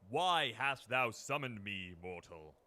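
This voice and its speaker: A man's voice: medium pitch, sing-song, slow pace, sharp tone, pitched above the performer's own voice, heavily acted. A man voicing an evil male demon in a grand, archaic, theatrical manner. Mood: menacing. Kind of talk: voice acting takes for a game.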